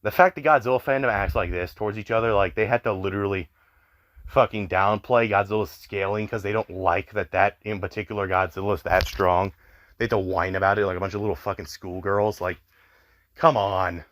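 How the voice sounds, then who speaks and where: A young YouTuber rants through exasperated commentary, full of profanity and repeated "like"s. He has a lowish, steady, slightly bright voice and talks fairly quickly.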